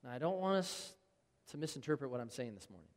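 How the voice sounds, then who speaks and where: A man's voice: medium pitch, very animated, quick pace, long reverb tail. A man preaching a sermon in an earnest, conversational way, reading scripture aloud to his congregation. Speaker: pastor.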